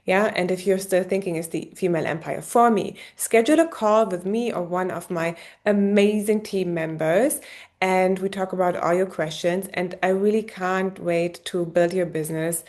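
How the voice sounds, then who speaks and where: A woman with a German accent talks straight to the listener as a business coach wrapping up a masterclass. Her delivery is warm and encouraging, and she keeps checking in with a quick "yeah?" between points. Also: fairly low pitch. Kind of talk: masterclass sales pitch.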